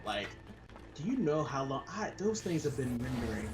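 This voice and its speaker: A man's voice: mid-range voice, sing-song, moderate pace. A man co-hosting a gaming stream, chatting casually and animatedly, often slipping into mock accents and voices. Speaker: gaming channel co-host. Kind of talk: casual chat while streaming a game. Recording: echoey room with loud game music.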